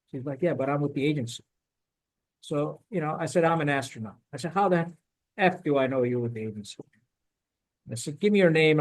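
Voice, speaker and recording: A middle-aged man and former Marine telling a war story in a casual podcast chat, animated, swearing now and then and acting out what people said. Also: mid-range voice, rough recording.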